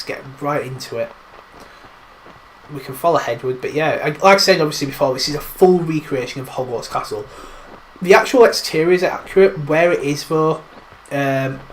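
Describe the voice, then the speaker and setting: A man's voice: mid-range voice, slight background noise. A man hosting a gaming livestream, giving casual, rambling gameplay commentary full of teasing jokes.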